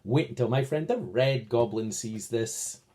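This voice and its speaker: A man's voice: mid-range voice, measured pace, voice pushed down, lightly acted. Man voicing a happy blue goblin. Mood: delighted. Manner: warm-hearted, delighted exclamations. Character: cheerful kindly male blue goblin, long nose.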